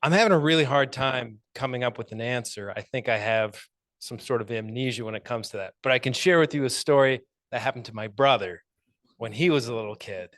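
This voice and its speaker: A man giving an impromptu answer at a speaking club, thoughtful and measured, with some hesitant fillers. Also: medium pitch, a bit bright, no room sound. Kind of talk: impromptu speech.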